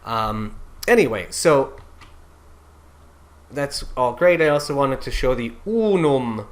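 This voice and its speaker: A man teaching German-style Latin pronunciation, talking haltingly with many fillers and slowly singing out example words. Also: medium pitch, animated. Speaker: diction coach.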